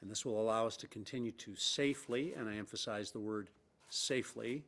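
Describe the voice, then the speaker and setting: A middle-aged man with a fairly low voice delivers a formal press briefing statement as a provincial premier. He speaks in a measured way, leans on key words for emphasis and fills his pauses with "uh.". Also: fairly even intonation, a bit bright. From Canada.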